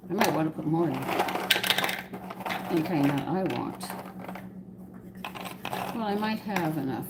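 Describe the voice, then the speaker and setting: A woman's voice: low voice, animated, measured pace, heavy background noise. Chatty Southern woman cooking live. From American South. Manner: chatty and rambling, talks to viewers. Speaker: home cooking host. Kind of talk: live-stream cooking demonstration. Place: home kitchen.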